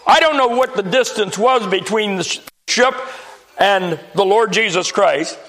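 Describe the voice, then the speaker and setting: Male preacher, high gravelly voice, folksy sermon storytelling with humor, church pulpit. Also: sharp tone.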